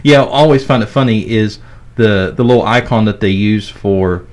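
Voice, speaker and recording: A man's voice: on the low side, normal speed. A man co-hosting a podcast and explaining tech step by step in casual chat. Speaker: podcast co-host.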